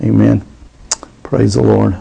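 A man preaching a sermon as pastor, fervent and rising into excited preaching. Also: fairly low pitch, slow pace, vocal fry, breathy edge, highs cut off.

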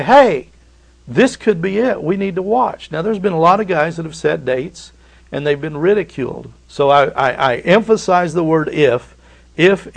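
A man's voice: fairly high pitch, gravelly. A middle-aged man preaching a prophecy sermon, emphatic and repetitive, with rhetorical questions and folksy asides.

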